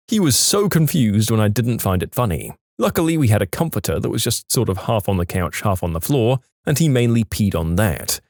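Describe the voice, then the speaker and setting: Lively man reading stories. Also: lowish voice, no room sound, clean studio sound. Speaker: narrator. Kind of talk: scripted storytime narration.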